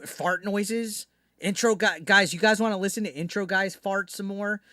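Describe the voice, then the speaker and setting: Brash, bright-voiced streamer man ranting. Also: high-pitched, steady tone, normal speed, no room sound, clean studio sound. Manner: brash, profane, mocking rant to chat. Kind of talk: live-stream commentary.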